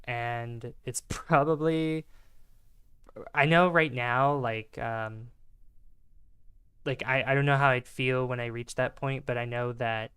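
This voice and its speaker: A man's voice: medium pitch, fairly even intonation, slow pace, pauses often, a bit bright, clean tone. A man casually commenting on a space game during a livestream, chatty and rambling, greeting his chat. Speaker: gaming livestreamer. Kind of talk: casual live gameplay commentary.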